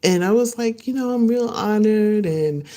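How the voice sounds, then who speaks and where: A woman hosting her own podcast, chatting casually and excitedly to live viewers, laughing often and acting out what others said. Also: medium pitch, moderate pace. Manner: animated, laughing, acts out voices of others. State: excited and a little nervous. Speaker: podcast host. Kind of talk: casual solo livestream chat.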